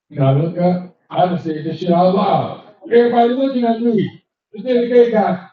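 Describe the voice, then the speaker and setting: Older guy doing raunchy standup in a cigar lounge, high voice, sounds far off and boomy. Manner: crude, animated storytelling with quick character voices. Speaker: stand-up comedian. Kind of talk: live stand-up comedy. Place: cigar lounge comedy stage. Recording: echoey distant dull live-room recording.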